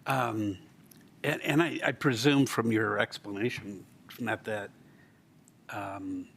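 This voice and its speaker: Low gravelly guy at a council meeting, talks real slow, lots of ums and restarts. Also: steady tone, fairly bright tone, a little hiss or hum. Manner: halting, many ums and restarts. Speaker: city council member. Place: council chamber.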